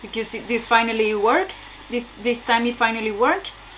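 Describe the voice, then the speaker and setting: A woman's voice: fairly high pitch, normal speed, a bit bright, a little hiss or hum. A young woman casually reacting aloud to a TV episode, exclaiming, swearing and laughing between remarks. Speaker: reaction video host.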